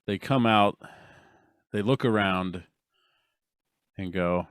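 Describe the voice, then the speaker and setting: A man's voice: low voice, takes it slowly, clean tone, dry recording. A man co-hosting a casual podcast chat, laid-back and laughing at his own asides. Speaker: podcast co-host.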